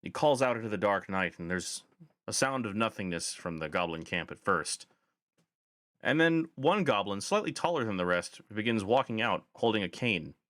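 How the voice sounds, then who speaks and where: A man's voice: lowish voice, animated, moderate pace, a bit bright, no room sound, studio quality. A man narrating a tabletop game as game master, describing scenes with frequent fillers.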